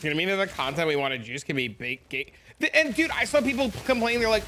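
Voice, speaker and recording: High-voiced, fast-ranting male streamer. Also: very animated, bright, forceful tone, slight background noise. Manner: profane, ranting, reacts to chat. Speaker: game streamer. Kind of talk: live stream chat while gaming.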